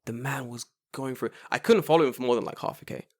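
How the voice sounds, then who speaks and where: A young man in his twenties co-hosting a casual podcast, with a voice in the middle range for a man. He tells stories with lots of energy, acting out quotes in a high excited voice and swearing freely. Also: quick pace, dry recording, studio quality. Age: 20s. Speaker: podcast co-host. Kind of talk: casual chat.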